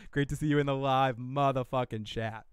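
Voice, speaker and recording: A man hosts a casual podcast livestream, reacting to a trailer with rambling talk, free swearing, laughs, and muttering to himself. His medium-pitched voice is steady, a little fast, and clean, recorded at studio quality with no room sound.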